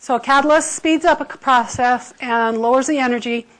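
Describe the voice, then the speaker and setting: High-voiced woman teaching chemistry class. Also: brisk, poor audio. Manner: explains with everyday comparisons, checks in with "okay?". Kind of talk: classroom lecture.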